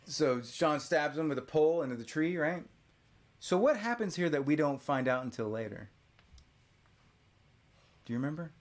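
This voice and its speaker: A man hosting a podcast, casually retelling a film's story to a child and prompting with quick questions. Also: on the high side, expressive. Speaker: podcast host. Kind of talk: casual movie recap chat with a child.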